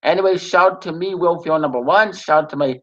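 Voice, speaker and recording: A man with a slightly high voice reads a TV recap and then shares his own review. He stops and restarts often and fills pauses as he goes. The recording sounds dull and lo-fi. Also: a bit bright. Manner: halting, frequent restarts and pauses. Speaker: TV episode reviewer.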